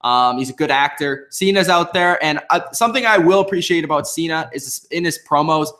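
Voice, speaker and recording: A man's voice: on the high side, a little fast, a bit bright. A man reviewing a wrestling episode in casual, opinionated commentary, full of ums and restarts. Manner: chatty, opinionated, many fillers and restarts.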